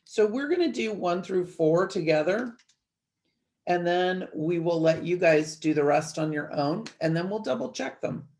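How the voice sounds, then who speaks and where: A woman teacher giving an online grammar lesson from her desk, explaining each step clearly with light playful asides to her students. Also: on the low side, animated, unhurried, darkish tone. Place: at a desk, screen-sharing a worksheet.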